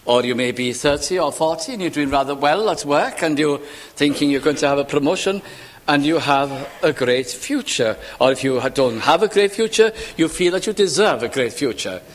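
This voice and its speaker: Man preaching with a lively, rising voice. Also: on the high side. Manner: rhetorical questions, builds to fervent emphasis. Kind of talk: sermon. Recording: reverberant hall sound.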